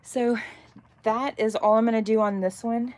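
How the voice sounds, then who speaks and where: A woman in her thirties from north central Texas, with a softened Texas accent, chatting casually with viewers while she works on epoxy cups. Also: a little high, fairly even intonation, normal speed. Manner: chatty, rambling, reacts to chat comments. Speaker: crafter making epoxy cups. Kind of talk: casual chat while crafting.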